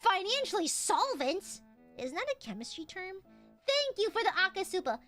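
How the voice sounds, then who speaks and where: Bright, high-voiced excitable streamer woman. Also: moderate pace, soft background music. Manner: excitable, swears, jumps from tender to shouting at chat. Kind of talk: casual livestream chat.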